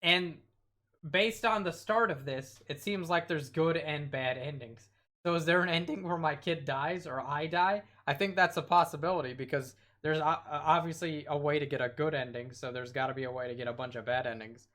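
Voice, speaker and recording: A man's voice: a little high, normal speed, pushed and bright. A man streaming a horror game, reading its text aloud and dropping wry asides, sometimes tripping over his words.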